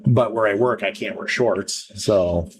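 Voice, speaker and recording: A man's voice: lowish voice, unhurried, crowd noise. A man guesting on a podcast, chatting casually, telling a rambling story with lots of laughs and acting out other people's lines. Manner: rambling, laughs often, acts out quoted voices. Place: podcast studio.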